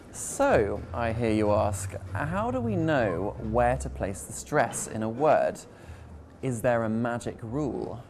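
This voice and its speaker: A man teaching English pronunciation in a scripted lesson, playful and deliberate as he spells out words. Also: medium pitch, sing-song, a little mellow, a little hiss or hum.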